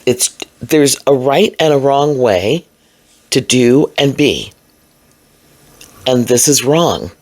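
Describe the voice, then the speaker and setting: A woman's voice: rumbling low, lively intonation, slow pace, long pauses, darkish tone. A woman recording a solo video commentary alone in a room, talking in a frustrated, emphatic and rambling way with many fillers. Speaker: vlogger.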